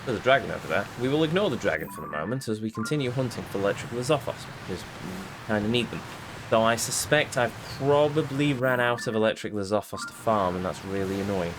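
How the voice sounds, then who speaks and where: A man's voice: on the low side, animated, quick pace, noisy background. A man doing casual, rambling gameplay commentary with wry grumbles. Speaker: let's play host. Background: game music.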